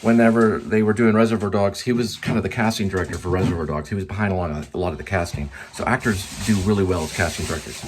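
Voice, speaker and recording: A man's voice: low-pitched, fast talker, few pauses, a little hiss or hum. A man rambling casually in a vlog, trailing off and talking to his cat as he goes. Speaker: vlogger.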